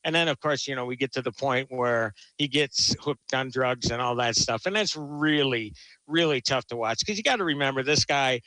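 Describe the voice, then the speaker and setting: A man's voice: mid-range voice, normal speed, bright, forceful tone, dry recording, low-quality recording. A man talking casually about a film, enthusiastic and rambling, often restarting his sentences. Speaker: film critic guest. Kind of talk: casual chat.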